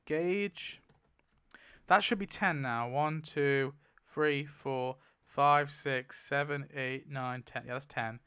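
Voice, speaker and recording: A young man commenting casually as he spins a wheel, excitable, laughing often and swearing. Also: mid-range voice, slow pace, clean tone. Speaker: YouTuber spinning a wheel. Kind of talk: casual commentary while playing.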